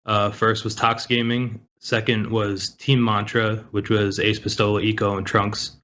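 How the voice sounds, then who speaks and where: A man's voice: lowish voice, level tone, unhurried, a bit bright, slight background noise. A man co-hosting a gaming news segment, reading tournament results in a matter-of-fact way. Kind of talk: reading esports results casually. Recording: dull lo-fi call audio.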